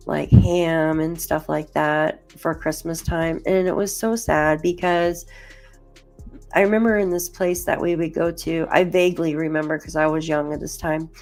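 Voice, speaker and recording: A woman's voice: low voice, fairly even intonation, moderate pace, a little mellow, faint music behind. A woman hosting a casual true crime livestream, rambling chattily with lots of "like" as she talks to viewers by name and reads through case documents. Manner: chatty and rambling, heavy use of "like"; addresses chat viewers by name.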